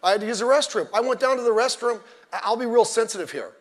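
A middle-aged man preaching a sermon as pastor, animated and digressive, with joking asides. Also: extremely high pitch, fast talker. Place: church sanctuary. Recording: long church-hall reverb.

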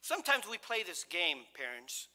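A man's voice: sits high, sing-song, normal speed, bright, forceful tone. A middle-aged male pastor preaching a sermon in a conversational, joking way, full of restarts and acted-out quotes. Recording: long hall reverb.

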